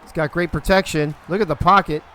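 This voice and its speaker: A man's voice: on the high side, fairly even intonation, fairly quick, sharp tone. A young man calling a football video game live on a stream, loose and profane, talking to his chat between plays.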